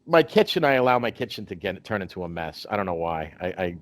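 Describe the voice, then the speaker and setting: Man, podcast host, low voice, dry close sound, rambling, lots of fillers. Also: very animated, fast, dry recording. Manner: rambling, many restarts and fillers. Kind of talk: casual chat.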